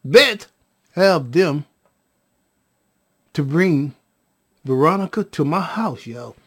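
A man tells a story in a slow, unhurried way, with a husky edge to his voice. His pitch swings widely as he goes, and he repeats himself and lets his phrases fade out softly. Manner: drawn-out, repetitive, trailing off quietly on "y'all". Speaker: storyteller vlogger. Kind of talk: casual storytelling.

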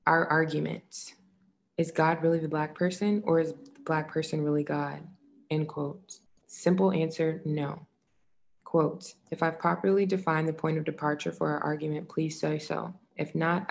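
A woman reading a nonfiction book aloud in a measured way, saying the quote marks out loud. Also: low voice, creaky. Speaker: audiobook reader.

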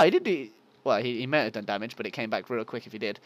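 A man's voice: medium pitch, expressive, brisk, hardly any pauses, dry recording. A man giving casual, self-mocking let's play commentary and talking to his viewers. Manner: yelps at game monsters. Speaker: gaming channel host.

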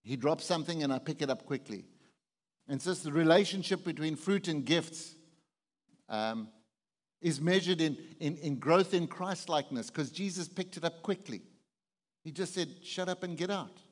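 A man's voice: a little high, normal speed, long reverb tail. A man preaching a conversational sermon as pastor, often putting questions to the congregation. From South Africa.

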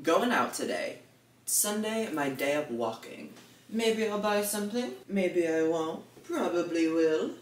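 A man's voice: a little high, lively intonation, unhurried, reverberant, slight background noise. Dramatic, gushing young vlogger man. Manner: dramatic, self-deprecating, gushing. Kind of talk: casual vlog chatter.

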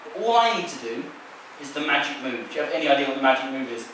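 This stage magician is a fast talker, his medium-pitched voice animated and a bit bright as he performs a card trick and playfully teases his volunteer. The large theater stage gives an echoey, distant sound with a little hiss or hum.

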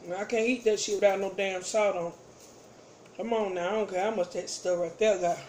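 A woman's voice: medium pitch, steady tone, brisk, a little mellow, a little hiss or hum. A woman chatting casually with her viewers while eating on camera, playful and savoring each bite. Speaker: mukbang vlogger. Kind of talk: casual eating vlog chat.

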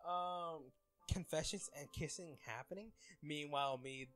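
A man's voice: mid-range voice, animated, normal speed, a bit bright, faint music behind. A young man reading fan comments aloud in casual chat, laughing often and getting flustered over names.

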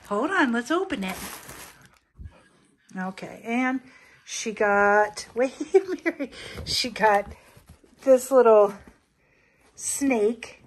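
Woman slowly cooing at her pet dog, kinda high sing-song voice, laughs a lot, faint hiss behind. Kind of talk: casual pet vlog.

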